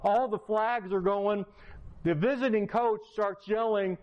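A man, a teacher, tells a personal testimony as a preacher, in an animated, conversational way and acting out quotes, in a slightly dull lo-fi recording. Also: high voice, unhurried. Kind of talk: testimony storytelling to a congregation.

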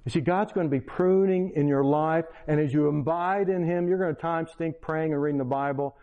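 Older guy preaching, earnest and pleading, voice a bit high for a man, muffled lo-fi sound. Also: fairly quick. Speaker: pastor. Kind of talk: sermon. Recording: dull lo-fi recording.

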